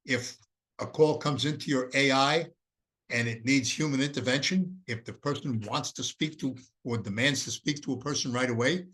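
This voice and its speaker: A man's voice: mid-range voice, a bit bright. A man talks through a business tool in an unpolished, folksy way. His voice sits in a middle range, and he often stops to restart his sentences. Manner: rambling, many fillers and restarts, folksy. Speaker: presenter of an AI business course. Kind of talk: casual explanatory presentation.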